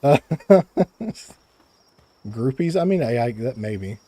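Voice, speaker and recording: Chatting casually while gaming on a live stream, a young man speaks slowly in an animated, mid-range voice with a dark tone. The close desk mic captures no echo, and he often stammers, repeats words and laughs.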